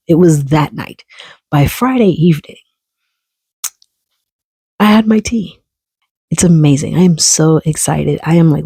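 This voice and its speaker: A man's voice: on the high side, gravelly, dark tone, husky, no echo. A man telling a personal story in a casual, candid and profane monologue, early in his time on testosterone. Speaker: vlogger.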